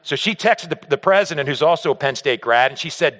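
A man's voice: fairly high pitch, brisk, big-room sound. A man preaching to a men's group, telling stories and acting out other people's voices. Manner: animated, acts out the voices of others in his stories. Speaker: pastor speaking to a men's group. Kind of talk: sermon with personal storytelling.

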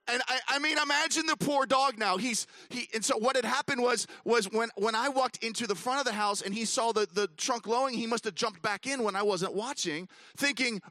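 A man speaking at a ministry gathering, telling a funny story in an animated way with lots of fillers and restarts. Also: sits high, a little fast, no room sound. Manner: self-mocking humor. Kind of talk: storytelling talk to an audience.

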